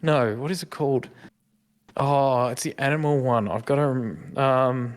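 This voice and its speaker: A man's voice: mid-range voice, unhurried. A middle-aged Australian man co-hosting a podcast, telling stories in a loose, joking way during casual chat. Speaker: podcast co-host.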